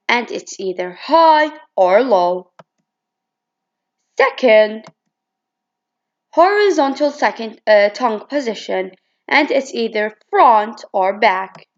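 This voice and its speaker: A woman reads out a phonetics lesson in a fairly high voice with a gravelly edge of fry. She stumbles and restarts now and then as she goes through her slides. The recording sounds dull and lo-fi. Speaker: student presenter. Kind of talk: reading a phonetics presentation.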